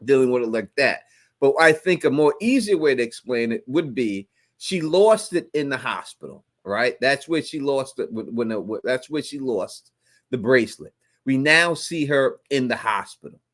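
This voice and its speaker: A man's voice: mid-range voice, expressive, moderate pace, a bit bright. A man hosting a live stream, explaining fan theories at length with many restarts. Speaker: host.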